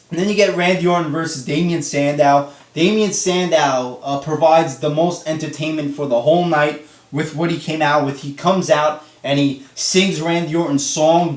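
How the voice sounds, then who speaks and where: A young man delivers a profane, exasperated rant reviewing a wrestling show. His voice sits a little high. He is set back from the mic, and the room adds a noticeable echo. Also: darkish tone. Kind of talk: casual vlog review. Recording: roomy echo, distant from mic.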